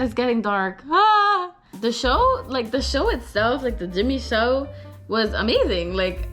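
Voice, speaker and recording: A young woman vlogger telling a story, animated and expressive, swearing casually. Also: medium pitch. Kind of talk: story time vlog.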